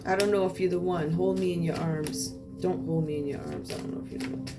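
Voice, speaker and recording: A tarot reader does a reading for viewers, sassy and outspoken, calling on the cards to speak. Her voice is fairly low, steady, and quick, picked up by a distant mic with loud music in the background.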